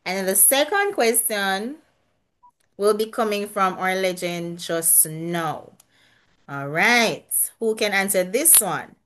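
A woman's voice: medium pitch, animated, slow pace, fairly bright tone. A woman hosting a casual quiz over a video call, chatty, laughing often and restarting her sentences. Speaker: quiz host at an online church gathering.

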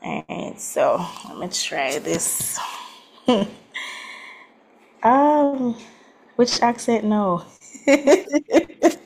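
A woman on a video call, chatting and laughing as she reads scripture aloud haltingly. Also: fairly high pitch, big pitch swings, gravelly, darkish tone, slightly rough. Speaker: participant in an online prayer meeting. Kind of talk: casual video-call chat and scripture reading.

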